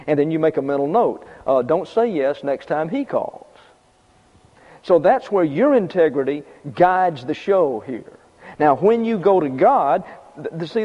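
A man preaching a sermon in a conversational way, repeating his points and adding casual asides. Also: a little high. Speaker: pastor. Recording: dull lo-fi sound with long reverb.

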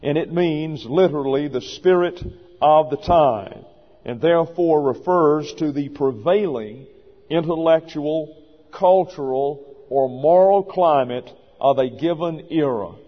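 An older male pastor gives a deliberate, point-by-point sermon in a somewhat higher voice. The sound is dull and muffled, and his words ring out with a long reverb, as if recorded from a large hall. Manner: measured, deliberate teaching delivery.

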